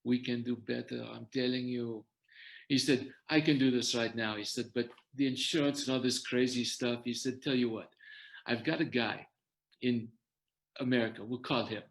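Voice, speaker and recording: Older male guest, mid-pitched, animated storyteller in a talk. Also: normal speed. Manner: animated storyteller quoting others' words. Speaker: guest sharing his story.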